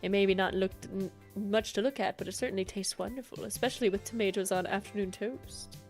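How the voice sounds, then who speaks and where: A woman reading the lines of a thoughtful, refined fabric designer in a measured, gently formal way. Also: medium pitch, faint music behind, natural voice. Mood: musing.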